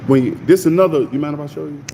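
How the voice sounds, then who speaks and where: Hosting a morning Bible reading stream, a middle-aged man preaches in a casual, folksy, animated style and greets viewers in his chat by name. He talks very fast in a slightly high voice, in a large hall with a noisy background.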